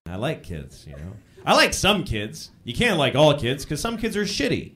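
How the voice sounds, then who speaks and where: Male stand-up, thirties, slightly high voice, dry self-mocking delivery, handheld mic in a live club. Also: normal speed, hardly any pauses. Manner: deadpan, self-mocking, profane. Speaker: stand-up comedian. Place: comedy club stage with audience. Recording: live club recording with crowd laughter.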